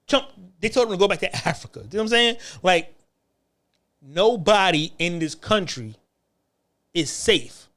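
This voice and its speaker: High-voiced man ranting, mocking. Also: lively intonation, moderate pace, long pauses, a bit bright. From United States. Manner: taunting, profane, laughing mockingly; repetitive, stammering restarts. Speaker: online commentator. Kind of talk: monologue rant to camera.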